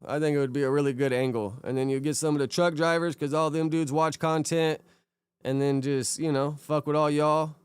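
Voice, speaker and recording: A man's voice: a little high, fairly even intonation, a little fast, smooth, dry recording. A young man chatting casually on a live stream, rambling laid-back and greeting viewers by name. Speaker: streamer reacting to videos and chat.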